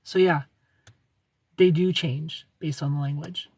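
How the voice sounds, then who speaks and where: A man's voice: on the high side, steady tone, unhurried, a little mellow, breathy edge, dry recording. A man hosting a livestream, chatting casually and playfully, greeting his viewers by name. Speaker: livestream host.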